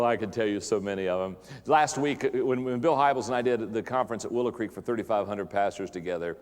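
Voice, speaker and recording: A middle-aged man, a pastor giving a humorous live talk to an audience, telling stories in an animated, self-mocking way and often repeating words. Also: on the low side, long reverb tail. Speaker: pastor and leadership speaker. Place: large hall with an audience.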